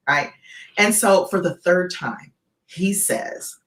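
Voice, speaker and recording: A woman tells a gripping story in an interview, her pitch swinging widely as she builds tension. She keeps tossing in "right?" to pull the listener along, and her voice carries a roomy echo. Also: a little slow. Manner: animated, keeps checking in with "right?". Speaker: guest keynote speaker.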